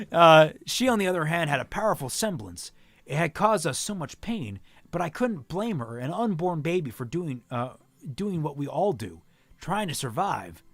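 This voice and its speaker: Man, animated delivery, fairly high voice, casual read-aloud, stumbles and corrects himself. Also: moderate pace, vocal fry. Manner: animated, stumbles and self-corrects while reading. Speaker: co-host reading a novel aloud. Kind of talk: casual read-aloud, voicing characters plainly.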